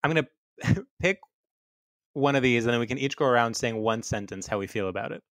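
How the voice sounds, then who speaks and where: A man hosting a casual comedy podcast, steering the topics with a deadpan delivery. His voice sits in a middle range. The sound is dry and close, with no room echo. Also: medium pitch, fairly quick. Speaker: podcast host.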